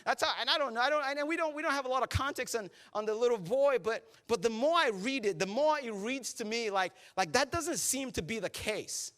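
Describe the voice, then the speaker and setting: A man preaching a sermon as pastor in a church auditorium. He tells the story in a conversational, animated way, acting out the characters and checking in with the crowd. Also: very high voice, fairly quick, few pauses.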